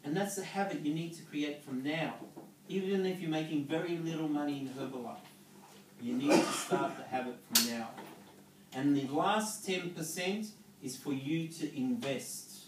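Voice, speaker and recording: A network marketing speaker, male, with a voice on the high side and a normal pace, gives a motivational business talk to an audience, coaching them and checking in with short questions like "okay?" and "yeah?". He sounds far off in an echoey room, with slight background noise.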